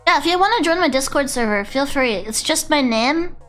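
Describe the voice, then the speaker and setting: A woman's voice: sits high, lively intonation, a little fast, a bit bright, faint music behind. A woman streaming live, chatting casually with her chat in a giggly, chaotic, self-mocking way. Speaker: VTuber streamer. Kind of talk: casual livestream chat reading chat messages.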